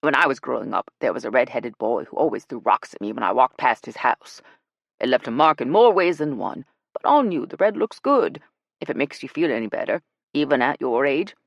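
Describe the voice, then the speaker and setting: A woman's voice: extremely low pitch, lively intonation, fairly quick, gravelly, no room sound, muffled recording, heavily acted. A woman voicing a blunt, teasing older woman with a brash, bossy manner, in an audiobook.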